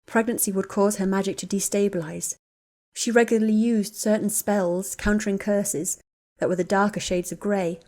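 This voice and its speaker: A woman narrating a story in an even, measured reading voice. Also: mid-range voice.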